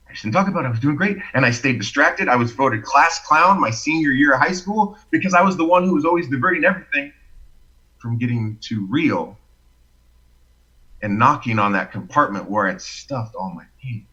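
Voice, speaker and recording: Expressive storytelling man, bright husky voice. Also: medium pitch, fairly quick, muffled recording. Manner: expressive, animated storyteller acting out quotes. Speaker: podcast guest. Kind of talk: storytelling a personal testimony.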